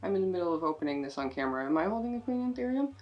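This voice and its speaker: A woman vlogging an unboxing of plant gifts, emotional and excited, swearing in delight and stumbling over plant names. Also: on the low side, rapid-fire, highs cut off. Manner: profanity-laced exclamations. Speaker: plant YouTuber. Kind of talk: unboxing vlog chat.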